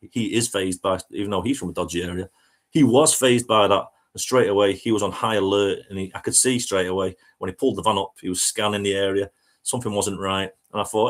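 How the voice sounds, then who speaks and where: A man with a lowish voice spins a casual road anecdote. He is chatty and self-mocking and laughs through his story. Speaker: touring band musician.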